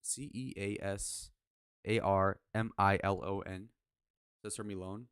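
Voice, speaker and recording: A young man in his twenties giving casual reaction commentary, blunt, profane and quick to get worked up. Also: deep voice, steady tone, fairly bright tone, clean tone, dry recording, studio quality. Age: 20s. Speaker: streamer reviewing his own speed date.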